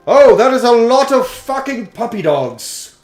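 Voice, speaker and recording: A man giving jokey, excitable commentary while playing a video game, now and then swearing. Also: very high voice, a little slow. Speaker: let's play host. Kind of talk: casual gameplay commentary. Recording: roomy echo, faint game music. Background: faint game music.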